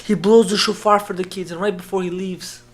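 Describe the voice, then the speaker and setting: A man, a rabbi, telling a story in an emotional sermon. He swings from hushed tones to loud, urgent speech and repeats phrases for emphasis. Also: high voice, level tone, brisk. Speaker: rabbi giving an inspirational talk.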